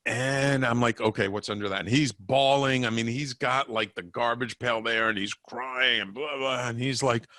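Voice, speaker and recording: A man who works as an energy healer, a guest on an interview show, telling animated anecdotes with stammered restarts. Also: medium pitch, a little slow, few pauses, no echo, clean studio sound. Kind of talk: casual interview storytelling.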